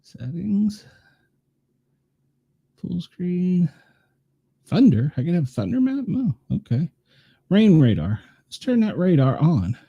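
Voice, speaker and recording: A man's voice: high-pitched, huge pitch swings, slow pace, pauses often, dark tone, breathy edge, no room sound, muffled recording. A man with a Tennessee accent hosting his show, rambling through live weather radar in casual chat and poking fun at himself. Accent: Tennessee Southern. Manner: rambling, self-mocking, thinks aloud while clicking around. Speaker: show host.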